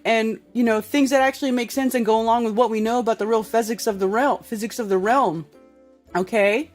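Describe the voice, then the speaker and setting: Woman host, casual rant to camera, blunt and profane, soft music in the background. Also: fairly high pitch, steady tone, brisk. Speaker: podcast host. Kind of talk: casual live-stream rant.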